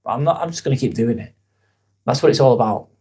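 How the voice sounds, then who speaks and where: A man's voice: medium pitch, lively intonation, fast talker, dark tone, breathy edge. A young man hosts a casual live vlog, talking in an earnest, rambling way and swearing casually. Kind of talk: casual live-stream chat.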